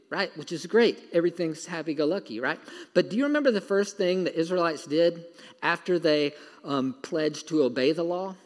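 Animated preacher man in a reverberant hall. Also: a little high, normal speed. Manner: animated storytelling, acting out voices, laughing. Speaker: pastor. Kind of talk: sermon.

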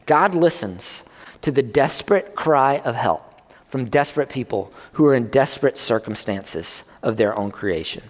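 A man preaching a sermon as a pastor, talking conversationally and pushing his pitch up to stress his points. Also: lively intonation, normal speed. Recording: long reverb of a hall.

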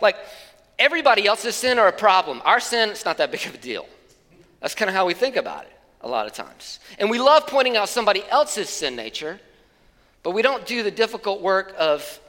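A man's voice: high-pitched, a bit bright, long reverb tail. A man preaching a sermon as pastor, in a conversational, plain-spoken way with casual asides, speaking from a church stage.

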